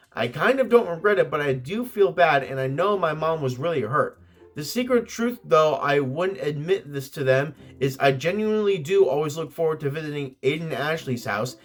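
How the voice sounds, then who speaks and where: High, lively man reading stories aloud. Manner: excitable, breaks off reading to exclaim and swear. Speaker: host reading Reddit stories.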